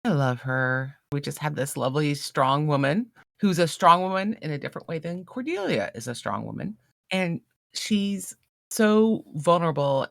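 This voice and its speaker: A woman's voice: low-pitched, creaky, no echo, clean studio sound. A woman co-hosting a casual book podcast, enthusiastically retelling scenes. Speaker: podcast co-host.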